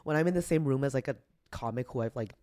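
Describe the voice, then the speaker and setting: A woman's voice: extremely low pitch, quick pace, dark tone. A woman comedian chatting on a podcast as a guest, rambling with lots of fillers and poking fun at herself. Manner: chatty, many "like" fillers, self-deprecating. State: tearful. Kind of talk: casual podcast chat.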